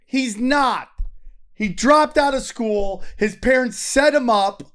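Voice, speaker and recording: High-voiced man ranting on a podcast. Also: slow pace, a bit bright, clean tone. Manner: joking, indignant, conspiratorial rants. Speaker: podcast co-host. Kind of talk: casual argumentative chat.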